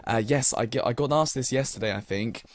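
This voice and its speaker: A man's voice: mid-range voice, brisk. A young British man as a radio DJ, reading listener messages in a polite, casual way with many fillers. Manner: polite, filler-heavy, many thank-yous.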